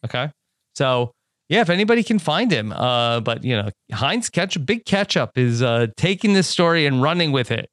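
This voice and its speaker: Smooth-voiced male podcast co-host. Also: medium pitch, big pitch swings, moderate pace, a bit bright, dry recording, studio quality. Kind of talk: casual chat.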